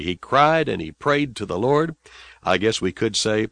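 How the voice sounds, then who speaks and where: A man's voice: lowish voice, expressive, unhurried, gravelly, no room sound. Dramatic male preacher, dry close sound. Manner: dramatic, swinging between hushed and loud. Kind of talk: radio sermon storytelling.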